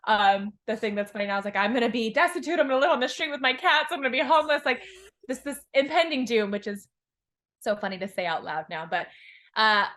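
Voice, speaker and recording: A woman's voice: on the high side, fast. Candid, swearing woman telling her story. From Hawaii. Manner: candid and expressive, swears freely, acts out her past thoughts. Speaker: guest, success coach. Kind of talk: casual podcast storytelling.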